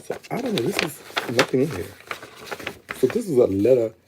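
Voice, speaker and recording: A man's voice: mid-range voice, sing-song, normal speed, very noisy. A young man chatting casually to his viewers, swearing and laughing as he talks, recorded close on a phone or webcam. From Louisiana. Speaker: vlogger.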